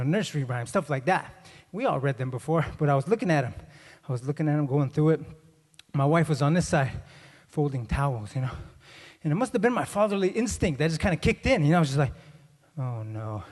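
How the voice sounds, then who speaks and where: A middle-aged male comedian works the room with animated stories, acting out every part of each exchange himself. His voice sits a little high for a man. The sound rings with the long reverb of a large hall. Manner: animated storytelling, acts out both sides of dialogues. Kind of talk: stand-up comedy. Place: conference hall.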